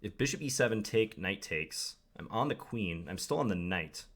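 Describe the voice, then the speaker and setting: A man's voice: lowish voice, expressive, moderate pace, fairly bright tone. A young man commenting live on his own game, thinking aloud with wry, self-deprecating asides. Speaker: chess commentator.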